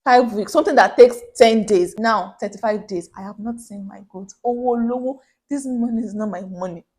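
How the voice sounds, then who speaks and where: In a vlog, a young Nigerian-accented woman who owns a small business tells a personal story, animatedly acting out the voices of the people in it. She speaks at normal speed with a medium pitch.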